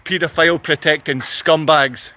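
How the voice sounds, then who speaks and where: A Glasgow-accented vlogger from Scotland rants angrily into the camera, insulting people and repeating himself in a furious tirade. His voice is a little high, steady and sharp, at a moderate pace.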